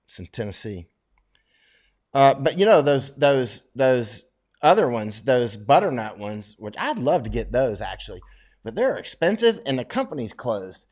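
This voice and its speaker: A man with a drawl hosting a casual livestream chat. His voice sits at a middling pitch, and he rambles and restarts his sentences often, with plenty of "uh" and "you know" as he answers viewers. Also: very animated, normal speed, darkish tone. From United States. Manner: rambling, with many fillers and restarts.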